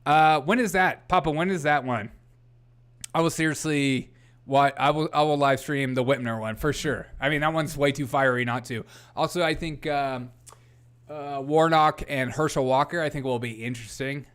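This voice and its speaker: A man's voice: on the high side, normal speed, fairly bright tone, clean tone. A young man hosting a casual political livestream, reading headlines aloud, greeting chat viewers and often laughing.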